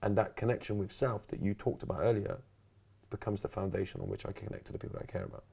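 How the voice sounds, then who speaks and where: Speaking fast in a lowish voice with vocal fry and a breathy edge, a man who coaches resilience relates his story on a podcast. He animates it by acting out quotes and sprinkles in many "right?" and "yeah?" tags.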